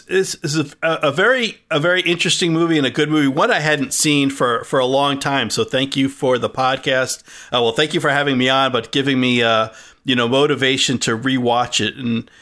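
A man guesting on a casual podcast, with a bright, tense edge to his voice. He talks haltingly, restarting his phrases as he thinks aloud. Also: medium pitch, steady tone. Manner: hesitant, many fillers and restarts.

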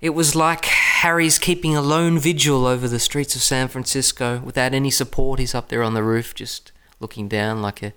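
A bright, crisp-voiced Australian man hosts a podcast in easy conversation. He keeps things moving with a wry touch, and his tone stays smooth and clear. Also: mid-range voice, steady tone, normal speed, hardly any pauses. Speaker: podcast host. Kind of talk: casual chat.

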